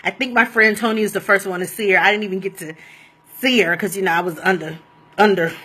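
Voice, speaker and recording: A woman telling a personal story in a casual, animated and rambling way, often laughing as she goes. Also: medium pitch, quick pace, slight background noise.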